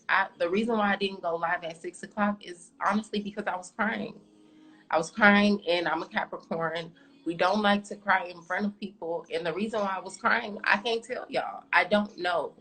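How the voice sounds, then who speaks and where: A woman's voice: lowish voice, fairly bright tone, rough recording. A woman in her twenties, an astrologer talking openly and confidingly to her live-stream viewers, calling them "y'all". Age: 20s.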